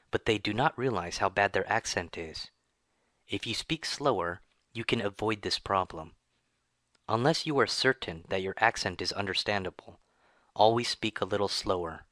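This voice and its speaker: A man narrating a scripted English lesson, reading in a slow, even and careful way. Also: fairly low pitch, no room sound. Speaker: English teacher.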